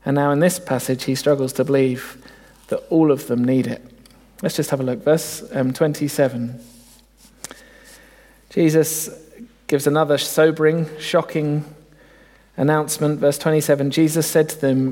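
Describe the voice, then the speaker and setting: A man's voice: on the high side, steady tone, normal speed, darkish tone, big-room sound. A man preaching a sermon, earnest and reflective, often asking his listeners rhetorical questions.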